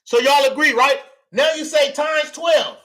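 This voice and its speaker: A man's voice: extremely high pitch, a little slow, fairly bright tone. A man hosting a livestream, teaching money and real estate to his viewers in a hyped, preachy way, often repeating himself and using slang.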